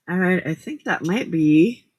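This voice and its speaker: A woman hosts a late-night crafting livestream from her craft table at home, chatty and giggly as she talks through each step. Her voice is lowish, a bit bright, and husky.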